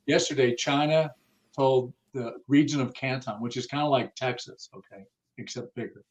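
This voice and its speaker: In an interview on the car audio business, a man with a medium-pitched voice talks at a moderate pace. He's blunt and casual, swears now and then, and acts out the people he's quoting.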